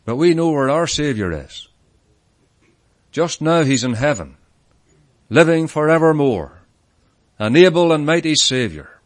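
A man's voice: on the high side, big pitch swings, unhurried, pauses often, no room sound. A man preaching a sermon at an evening tent meeting, earnest and emphatic, leaning hard on key words.

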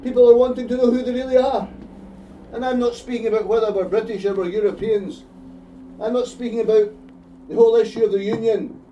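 A man with a Scottish accent and a high voice, its highs cut off, preaches a fervent evangelistic sermon, repeating phrases for emphasis. He is recorded from a distance in an echoey hall.

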